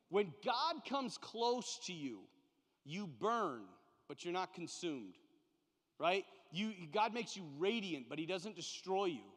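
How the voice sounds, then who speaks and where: A priest leading a parish Bible study, talking in a lively, conversational way and acting out little scenes. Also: male voice, sits high. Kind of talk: animated Bible study talk. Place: church. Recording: long hall reverb.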